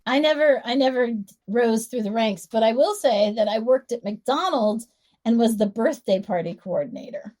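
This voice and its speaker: A woman chatting casually on a film podcast, giggly and animated as she tells stories. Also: fairly high pitch, normal speed. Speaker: podcast guest.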